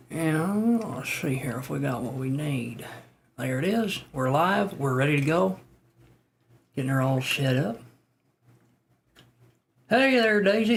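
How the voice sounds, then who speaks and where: A man's voice: fairly high pitch, vocal fry, a little hiss or hum. A man hosting a live tarot reading stream, chatting casually, greeting viewers by name and joking about himself.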